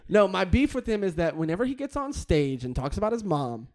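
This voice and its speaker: A man with a high, very animated voice cracks jokes during a loose podcast chat. His pitch jumps around constantly, and he fills gaps with "you know" and "dude." He sounds like a regular host among friends. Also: fairly quick. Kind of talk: casual comedic chat.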